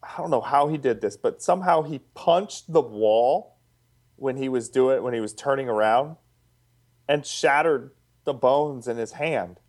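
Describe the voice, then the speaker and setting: A man's voice: medium pitch, a little slow, a little mellow. Incredulous young man telling a training story. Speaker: podcast guest. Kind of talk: casual podcast chat.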